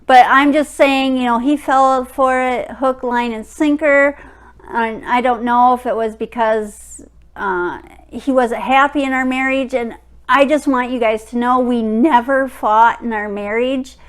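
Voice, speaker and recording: A woman's voice: fairly even intonation, a little slow, smooth. A woman in her fifties telling a personal story to her vlog viewers in a frank, blunt way. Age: 50s. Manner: frank and blunt, drops into a low murmur when reading texts aloud. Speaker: vlogger. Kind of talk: casual storytelling to camera.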